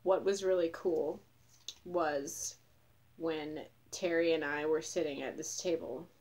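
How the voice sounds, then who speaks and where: A young woman vlogging in a loose, ranting way, swearing freely and mocking with open sarcasm. Her voice sits a little low for a woman, and she often jumps up sharply in pitch and loudness when she mimics others. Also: steady tone, takes it slowly. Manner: profane, sarcastic and scornful. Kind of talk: casual ranting vlog.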